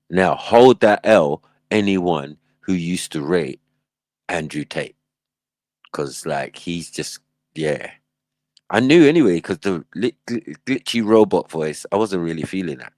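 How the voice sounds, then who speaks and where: A man's voice: sits low, animated, unhurried, long pauses, no room sound. A man hosting a livestream, reacting in casual, slangy commentary and laughing often. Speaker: livestream host.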